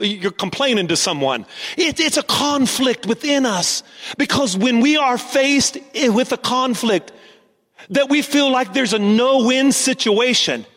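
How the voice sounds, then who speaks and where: Male pastor, high voice, sermon with call-and-response, lines repeated, long church reverb. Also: expressive, measured pace, fairly bright tone. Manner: preaching, call-and-response with congregation; repeats lines for emphasis, sometimes sings phrases.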